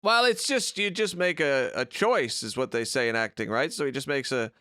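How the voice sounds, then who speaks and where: A man's voice: mid-range voice, moderate pace, pushed and bright, no echo, clean studio sound. A man co-hosting a podcast remotely, giving opinionated, profane rants in casual chat. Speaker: podcast co-host. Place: remote recording.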